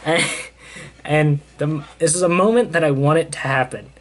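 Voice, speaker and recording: A man's voice: on the high side, normal speed. A young man casually recapping a comic in a loose, rambling way with lots of fillers. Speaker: comic book reviewer. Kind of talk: casual chat.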